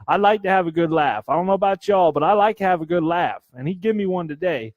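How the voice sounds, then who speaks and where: A man co-hosting a casual comedy podcast, telling animated stories, swearing a lot and laughing often. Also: high-pitched, fast, no echo, lo-fi sound. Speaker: podcast co-host.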